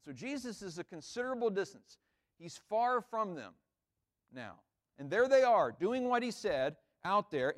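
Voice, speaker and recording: In an informal, conversational sermon, a high-pitched male pastor keeps repeating words and checking in with the people listening.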